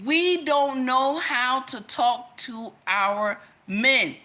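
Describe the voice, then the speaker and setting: High, bright-voiced woman ranting emphatically. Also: extremely slow. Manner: emphatic, scolding, repeats lines for effect. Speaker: commentator. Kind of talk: impassioned direct-to-camera rant.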